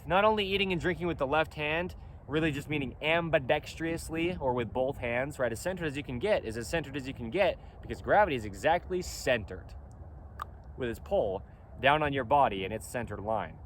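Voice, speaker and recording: A man speaks outdoors in a casual vlog, his pitch rising and falling in lively swings. He is emphatic and insistent and keeps repeating his points. Faint wind and traffic sit behind him. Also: fairly quick. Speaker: clothing company founder. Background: faint wind and traffic noise.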